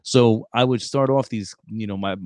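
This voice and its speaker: A young man with a lowish voice hosts a casual podcast chat, blunt and quick, full of "like" and "you know". The sound is dry and close. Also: a little mellow, dry recording. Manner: blunt, talks fast with many fillers and acted quotes. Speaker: podcast host, former Marine recruiter.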